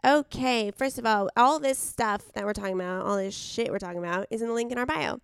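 A woman's voice: a little high, fairly quick, vocal fry, smooth, no room sound. A woman co-hosting a podcast in casual chat, talkative and swearing freely. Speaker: podcast co-host.

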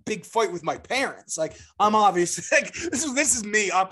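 A young man co-hosting a podcast, telling stories in a rambling, animated way with lots of fillers and restarts. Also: sits high, moderate pace, breathy edge. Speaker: podcast co-host. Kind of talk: casual storytelling chat.

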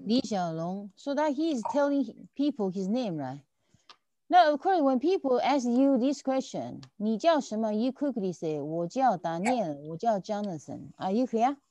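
A woman's voice: on the high side, expressive, normal speed, mellow. A woman teaching a language lesson, patiently repeating and checking that her students follow. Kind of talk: online tutoring lesson.

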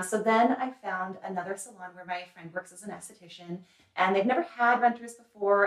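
A young woman who owns a salon and does hair removal answers interview questions in a chatty, earnest way, using many fillers. Her voice is medium-pitched and fairly bright. The room is echoey, and the mic sits a little distant.

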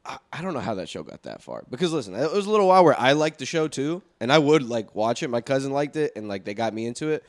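A man's voice: mid-range voice, sing-song, fast talker, hardly any pauses. A young man in casual chat with friends, playful and laughing often.

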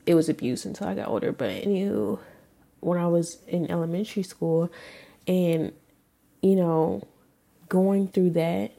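Low, mellow-voiced young woman confiding. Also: gravelly. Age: 20s. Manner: candid and emotional, casual swearing. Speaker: podcast host. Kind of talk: personal storytelling monologue.

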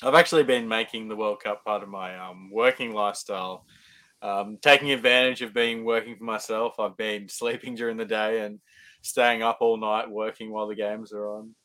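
A man from Malta, a guest on a podcast, talking in casual chat in a relaxed way and adding facts. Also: on the low side, moderate pace, poor audio.

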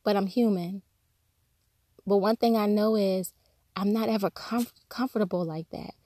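A woman's voice: mid-range voice, steady tone, normal speed, mellow, no echo, studio quality. Candid woman giving a devotional talk. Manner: candid, conversational storytelling; acts out quoted speech. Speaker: Christian speaker.

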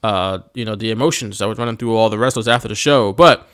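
A man with a Philadelphia accent co-hosting a podcast in casual, animated chat, laughing often and talking slangy. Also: lowish voice, fast talker, clear, resonant tone. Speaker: podcast co-host.

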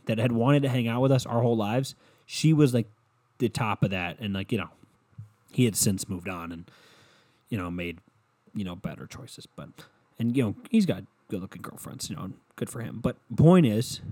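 A man's voice: mid-range voice, dark tone. A young man hosting a solo podcast, rambling casually with lots of profanity and filler words. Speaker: podcast host.

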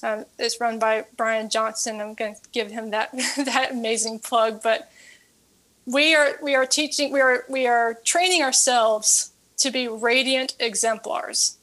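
An earnest woman who coaches fitness and has written a book, telling a story as an interview guest. Her voice sits a touch high, and she often repeats her words as she builds a point. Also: fairly even intonation, a little slow, fairly bright tone.

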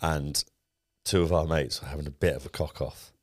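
A man, co-hosting a podcast in casual, lively chat and swearing often. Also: very deep voice, normal speed, dry recording, clean studio sound. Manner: lively, swears often, acts out friends' lines. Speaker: podcast co-host.

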